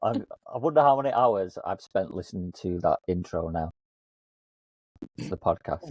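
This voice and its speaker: A man's voice: low-pitched, animated, moderate pace, darkish tone, no room sound. A man co-hosting a casual coaching podcast, self-mocking and laughing often. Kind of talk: casual chat.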